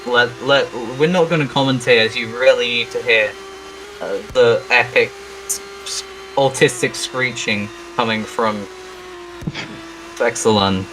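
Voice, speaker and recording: Guy commentating a sim race, jokey and self-deprecating, kinda halting, mid-pitched voice. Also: noisy background.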